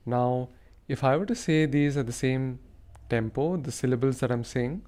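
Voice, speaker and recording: A man's voice: medium pitch, moderate pace, a little mellow. A man hosting a rhythm lesson, carefully explaining and reciting rhythm syllables in time. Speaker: rhythm teacher, show host.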